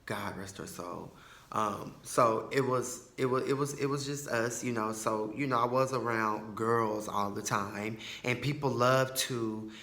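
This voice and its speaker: A man talks through a personal story on his podcast, loose and chatty with plenty of fillers and asides. His voice is bright and forceful. The room around him rings with echo. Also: medium pitch, steady tone, unhurried, few pauses. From Tyler, Texas. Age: 20s. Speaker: podcast host.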